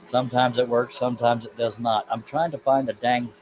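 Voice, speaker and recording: A man's voice: medium pitch, little pitch movement, a little fast, background noise. A man hosting a casual woodworking live stream, rambling in a self-deprecating way and reading chat comments aloud from his home workshop.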